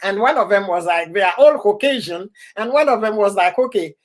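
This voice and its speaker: A woman hosting a casual live stream, laughing often and heartily as she chats and repeats her warm goodbyes and thank-yous. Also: medium pitch, animated, brisk.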